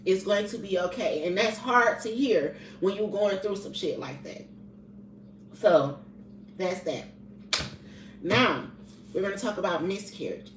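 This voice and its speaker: A woman's voice: medium pitch, animated, takes it slowly, long pauses. Woman in her 30s, candid vlog storyteller, blunt and profane; roomy echo, set back from the mic. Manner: blunt and profane, with colloquial grammar. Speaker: vlogger sharing personal testimony. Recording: roomy echo, distant from the mic, faint background noise.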